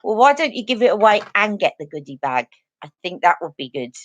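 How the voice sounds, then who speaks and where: A woman hosting a casual beauty live stream, talking straight to her viewers in an earnest, chatty way. Her voice sits at an ordinary middle pitch and is recorded close and dry, with no room sound around it. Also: big pitch swings, fairly quick, dry recording, dull audio. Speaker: beauty channel host.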